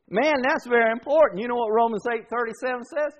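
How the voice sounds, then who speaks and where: Brisk and with few pauses, a man with a very high voice preaches a sermon, having the congregation repeat words back to him. Emphatic repetition drives his key words home.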